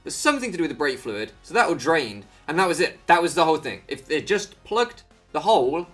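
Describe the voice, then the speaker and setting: A man's voice: a little high, big pitch swings, brisk, a bit bright, breathy edge, faint music behind. A man giving casual, rambling commentary over a Pokémon game, easily sidetracked and self-mocking. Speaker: Pokémon video creator.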